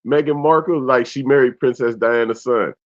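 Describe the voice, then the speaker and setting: A young adult man co-hosting a casual talk show, animated and profane, reading out comments from viewers. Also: medium pitch, normal speed. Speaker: podcast co-host. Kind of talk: casual chat. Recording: dull lo-fi sound.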